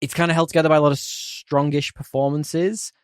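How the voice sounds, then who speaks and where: A man hosting a podcast, chatting casually and opinionatedly about a film, animated and quick to laugh. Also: on the high side, clear, resonant tone, no room sound, studio quality. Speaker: podcast host. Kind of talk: casual film review chat.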